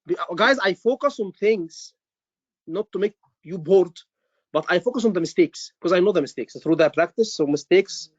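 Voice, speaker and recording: A man's voice: high-pitched, expressive, moderate pace, no room sound, dull audio. A man tutoring students for a medical exam, emphatic and repeating his words. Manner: emphatic, repeats words, says "brother" often. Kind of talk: online teaching session.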